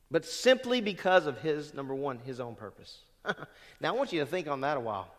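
A man preaching a sermon as pastor, emphatic, swelling loud on quoted verses and dropping low at the ends of phrases, calling questions out to the congregation. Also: lively intonation, brisk, in a large hall. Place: church sanctuary.

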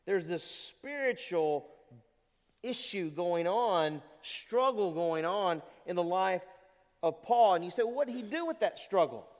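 Male pastor, high and animated delivery, sermon in a church with long reverb. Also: a little slow. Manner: animated preaching, rhetorical questions to the congregation.

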